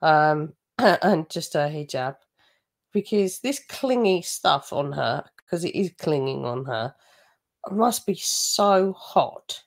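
A woman's voice: low-pitched, expressive, slow. A woman giving mocking, gossipy commentary over a video she is reacting to. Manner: sarcastic, gossipy asides.

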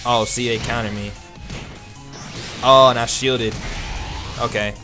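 A man commentating his own online fighting game matches, animated and self-deprecating, with quick outbursts and laughs. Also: medium pitch. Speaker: gaming YouTuber. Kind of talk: let's play commentary. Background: game music.

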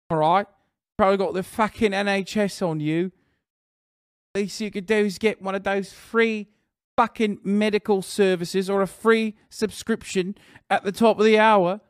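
A brash British bloke, put on by a man, jeers in a swaggering, sweary way. The voice is pushed higher and louder than the man's own. The recording is dry and close. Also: no room sound. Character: mocking loud British bloke, man, young adult.

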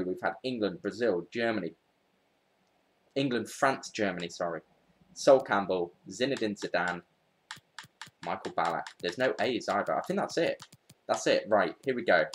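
Excitable low-voiced man commentating gameplay. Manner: chatty, excitable, talks to viewers while searching. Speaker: gaming YouTuber.

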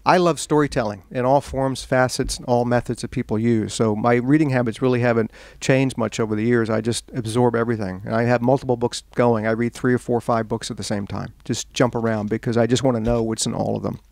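A man's voice: mid-range voice, a little fast, vocal fry, few pauses, dry recording. Man telling a story to a crowd. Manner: animated anecdote-telling, laughing at his own story. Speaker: author at a bookstore talk. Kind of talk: storytelling talk to an audience. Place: bookstore event room.

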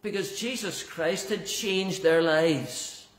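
Man, pastor, preaching a sermon, slightly higher voice, emphatic, roomy church sound. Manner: earnest, emphatic preaching with repetitions and pauses. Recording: echoey church hall.

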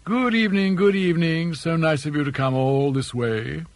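A man's voice: a little high, no room sound, voice pushed up, natural voice. A man doing an arch, teasing old father. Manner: arch, ironic, drawn-out emphasis. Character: elderly English father, dry, mischievous, mock-courteous.

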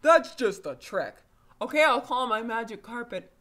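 A woman voicing a boastful male wizard who shows off his magic, loud and showy in a put-on accent. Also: lowish voice, sing-song, a little slow.

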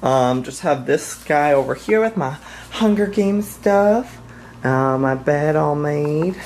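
With lively intonation and a darkish tone, this young vlogger talks slowly and jokily, packing his chat with fillers and occasionally squealing into falsetto. Music runs beneath him, and there's a bit of background noise.

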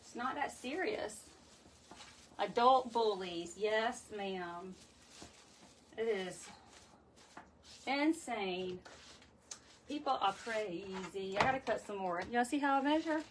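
A woman's voice: mid-range voice, lively intonation, takes it slowly, pauses often, a little hiss or hum. A woman hosting a chatty livestream wreath-making tutorial from her home craft room, greeting viewers by name as she works. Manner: talkative, chats with live viewers by name.

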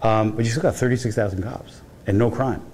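A darkish male voice on the low side moves fairly quickly, with a little hiss or hum in the recording. The speaker, a professor giving a guest lecture in a university hall, tells stories in a chatty way and frequently begins sentences again.

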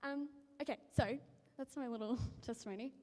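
A woman's voice: on the high side, moderate pace, mellow. A woman reading scripture and sharing a casual testimony in church, with lots of ums and likes. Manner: chatty, many ums and likes. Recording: reverberant church hall.

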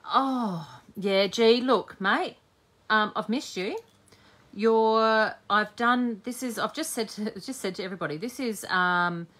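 Bright, chatty woman hosting a craft stream. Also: mid-range voice. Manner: chatty, cheeky, talks while working. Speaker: scrapbooking host. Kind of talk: live-streamed crafting demo, chatting to viewers.

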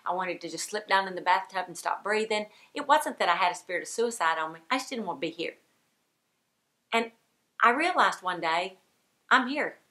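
A woman's voice: medium pitch, sharp tone. A middle-aged woman preaching a sermon to women, emphatic and repetitive, with bursts of forced laughter. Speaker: speaker at a women's ministry gathering.

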